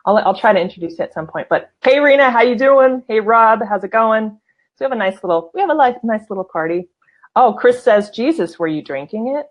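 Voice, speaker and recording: A woman's voice: fairly high pitch, lively intonation, fairly quick, highs cut off. Bubbly woman hosting a live chat show. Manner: bubbly, laughing, reads out viewer comments. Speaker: host. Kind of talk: casual live-stream chat.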